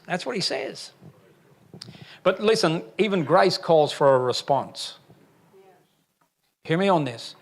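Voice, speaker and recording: An older pastor delivers a sermon, his voice sitting a little high for a man. He preaches emphatically and drops folksy, joking asides between his points. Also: animated, takes it slowly, creaky, pauses often. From Alabama, USA.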